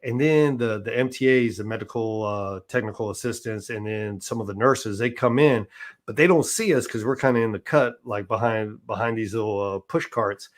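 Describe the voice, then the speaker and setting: A man with a lowish voice talks at a normal speed as an interview guest. He recounts his experiences loosely and conversationally, frequently restarting sentences and checking in with "right?"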